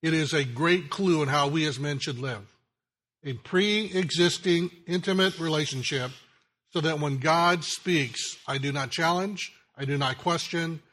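Pastor guy preaching, kinda high bright voice, slows way down, trails off quiet. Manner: slow deliberate preaching, drops to a near-murmur at ends of phrases. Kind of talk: sermon with a joke story.

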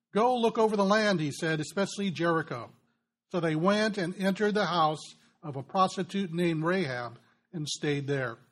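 A man delivers a sermon in an earnest, explanatory way. His voice sits a little high for a man. He gets animated and rises in pitch when he voices the Bible's figures. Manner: earnest, builds with rising excitement in quoted passages. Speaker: preacher.

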